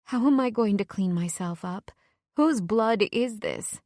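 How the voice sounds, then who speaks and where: A woman's voice: medium pitch, expressive, measured pace, darkish tone, no echo, clean studio sound. A woman narrating a romance audiobook in the first person, telling it in an intimate, emotional way.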